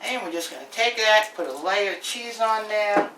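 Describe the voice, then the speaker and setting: Animated and slightly bright, this woman speaks in a mid-range voice at normal speed over slight background noise. A Brooklyn home cook with a New York accent, she narrates her cooking demo in a chatty, brash storytelling way. A distant camera mic across the indoor kitchen leaves the sound echoey.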